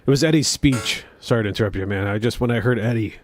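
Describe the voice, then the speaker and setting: A man joining a casual livestream as a guest guitarist, excitable and quick to whoop and greet people. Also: medium pitch, a little hiss or hum. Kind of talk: casual live chat.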